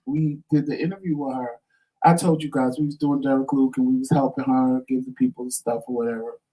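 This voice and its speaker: A man co-hosting a talk show, telling stories in a lively, dramatic way and acting out what people said. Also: medium pitch, a little fast. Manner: animated, dramatic storyteller acting out quotes. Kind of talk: casual storytelling chat. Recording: voice somewhat distant from mic.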